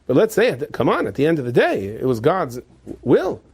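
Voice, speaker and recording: A high, indignant young wife who refuses to be sent away, pitch jumping around as she insists, as a storyteller puts her on. Her pleas are shrill and stubborn. The voice is raised well above a man's speaking voice. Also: wildly swooping pitch, brisk, husky, heavily acted. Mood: insistent. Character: insistent young woman demanding her husband.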